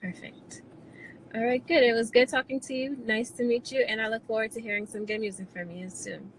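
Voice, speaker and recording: A woman hosting an interview show, asking questions in a measured, supportive way with frequent ums. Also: a little high, steady tone, poor audio. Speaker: show host. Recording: faint background noise.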